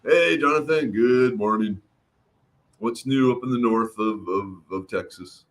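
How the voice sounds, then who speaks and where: A middle-aged man with a medium-pitched voice, speaking a little slowly, hosts a casual livestream. He reads comments, greets viewers by name, and chats while his throat recovers.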